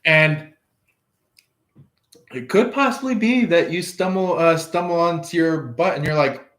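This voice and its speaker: Slow-talking man giving a tarot reading. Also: fairly high pitch, fairly bright tone. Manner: rambling, chuckling, acts out quoted lines. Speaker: tarot reader. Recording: echoey room.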